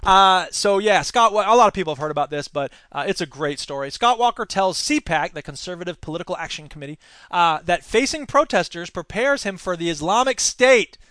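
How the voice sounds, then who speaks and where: Guy hosting a news podcast, snarky asides, smooth crisp voice, dry close sound. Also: high-pitched, a little fast, no room sound. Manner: sarcastic, animated asides. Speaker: podcast host.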